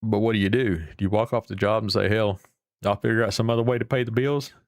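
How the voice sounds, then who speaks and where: A man's voice: on the low side, fairly even intonation, fast, no room sound, studio quality. A man with an Appalachian accent hosting a live stream and chatting casually with viewers in a folksy, rambling, salty way. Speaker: livestream host.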